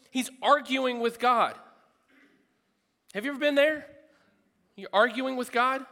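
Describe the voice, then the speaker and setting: A man's voice: extremely high pitch, measured pace, sharp tone, long reverb tail. A man preaching a sermon in a large room, earnest and emphatic, repeating phrases for stress.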